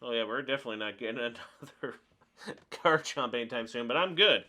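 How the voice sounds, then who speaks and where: A man giving live commentary over his own card game match, chatting through each move out loud. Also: medium pitch, fairly quick. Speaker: card game video creator.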